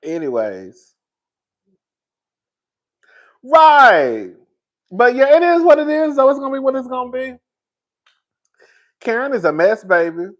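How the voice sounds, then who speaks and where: A young man giving sassy, dramatic reality TV commentary, swinging between loud outbursts and calm asides. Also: very high voice, unhurried, pauses often. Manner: sassy, calls listeners girl. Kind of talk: casual reaction commentary.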